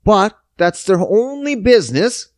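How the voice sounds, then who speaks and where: Man, podcast host, profane rant, sarcastic, lively pitch, dry close sound. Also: a little slow, no echo. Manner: heated, sarcastic, swearing constantly.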